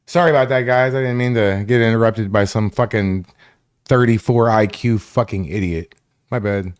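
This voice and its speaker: A man with a lowish, clean-toned voice hosts a live stream, speaking at normal speed. He launches into a combative, foul-mouthed rant aimed at his chat viewers.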